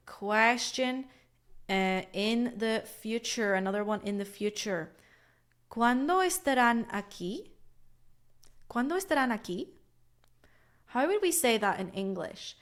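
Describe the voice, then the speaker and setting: Young woman teaching english live, switches to spanish a lot, repeats phrases slow and clear, medium-pitched voice. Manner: switches between English and Spanish explanations, models phrases slowly. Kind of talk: live online language lesson. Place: lives in Cantabria, Spain.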